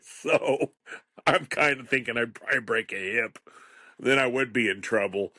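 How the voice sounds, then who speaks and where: A man's voice: medium pitch, moderate pace, pushed and bright, no room sound, clean studio sound. A man in his fifties, hosting a solo podcast in a rambling, chatty way and chuckling often. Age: 50s. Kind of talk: casual solo podcast monologue.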